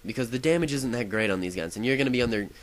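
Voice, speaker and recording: A man's voice: medium pitch, lively intonation, rapid-fire, slight background noise, poor audio. A young man giving casual, rambling commentary over his own gameplay, often breaking off and restarting his sentences with enthusiasm. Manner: rambling, self-interrupting, enthusiastic. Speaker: gaming video host.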